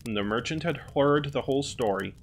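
A man calmly narrating a fairy tale as a storyteller. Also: mid-range voice, a little fast, slight background noise.

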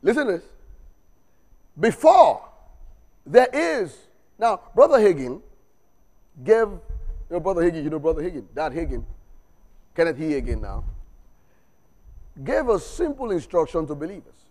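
A man's voice: a little high, big pitch swings, moderate pace, long pauses, a little mellow. A man preaching a sermon in church, exhorting with call-and-response, repeated refrains and humorous asides. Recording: long reverb of a church hall.

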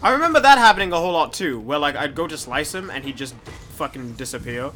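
A young man talks his way through a video game in loose, rambling commentary, swearing and chatting to the things on screen. His voice has a bright, tense edge, and soft mumbling keeps giving way to loud, excited bursts. Faint game music plays behind him. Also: a little high, fast. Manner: mumbles softly, then jumps into loud excited outbursts. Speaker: gameplay commentator. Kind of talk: casual let's play commentary.

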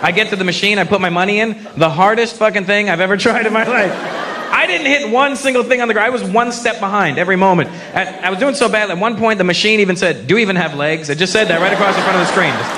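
A high-pitched, fast-talking comedian works a live audience from the stage, brash and profane as he teases the crowd. The sound comes from a live stage mic, with the crowd audible.

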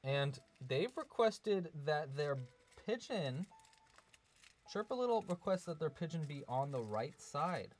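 A man's voice: on the high side, sing-song, a little slow. A man hosting a live crochet tutorial stream, chatting casually, thanking donors and answering the chat. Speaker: crochet livestream host.

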